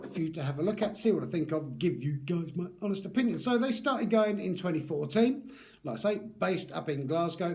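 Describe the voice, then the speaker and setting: A man's voice: fairly high pitch, a little mellow. A man casually reviewing beard products in a rambling, chatty vlog with lots of fillers.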